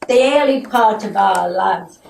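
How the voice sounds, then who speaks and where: A woman's voice: medium pitch, measured pace, gravelly, darkish tone. An older woman reminiscing in casual family chat. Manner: reminiscing, chatty. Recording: echoey room, mic far off, faint noise.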